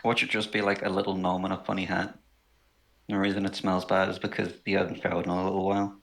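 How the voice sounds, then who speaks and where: A man's voice: deep voice, level tone, quick pace, creaky, a bit bright. A man playing in a tabletop game, joking around and rambling into asides. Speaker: player.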